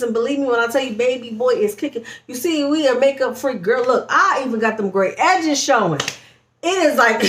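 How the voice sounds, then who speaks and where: Bubbly high-voiced woman chatting, echoey room. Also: big pitch swings, normal speed, a bit bright. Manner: bubbly, chatty, laughs often, says y'all. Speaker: vlogger. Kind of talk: casual pregnancy vlog chat. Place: at home.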